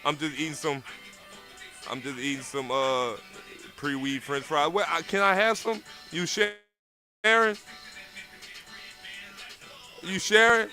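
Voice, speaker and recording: A man's voice: a little high, moderate pace, sharp tone, soft background music. A young man, a rapper guest, chatting casually between freestyles, slangy and repeating himself, laughing nervously. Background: faint beat playing.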